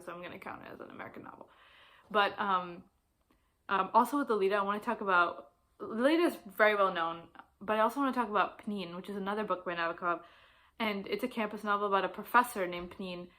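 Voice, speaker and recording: A young woman in a casual book vlog, talking in loose rambles full of fillers and restarts. Her pitch sits at an ordinary middle height for a woman, and she gushes with excitement as she talks. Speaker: book vlogger. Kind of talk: casual chat about books.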